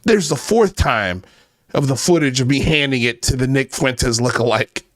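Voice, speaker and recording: A man's voice: mid-range voice, lively intonation, normal speed. A man hosting a reaction video, commenting casually on a clip with a lot of profanity and mockery. He laughs often.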